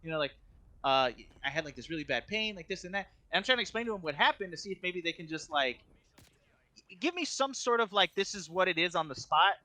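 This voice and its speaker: A man's voice: high voice, animated, quick pace, pushed and bright, dry recording. A young man co-hosting a podcast, telling a story in casual chat, rambling with constant filler words and restarts. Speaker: podcast co-host.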